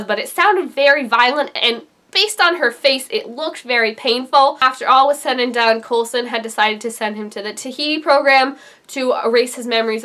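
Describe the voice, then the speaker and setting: A young adult woman giving an excited, gushing recap of a TV episode, her voice leaping up for emphasis. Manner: animated and gushing, jumps high for emphasis. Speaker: TV reaction vlogger.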